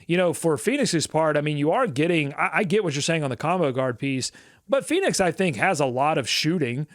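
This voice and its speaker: A man's voice: fairly high pitch, no room sound, studio quality. A man co-hosting a sports podcast, talking casually with lots of fillers and playful asides. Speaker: podcast co-host.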